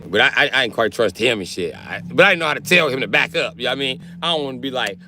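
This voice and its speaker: A man's voice: mid-range voice, animated, fast, sharp tone, slight background noise. A young man from Wisconsin, a livestreamer telling a rambling, profane comic story with lots of energy.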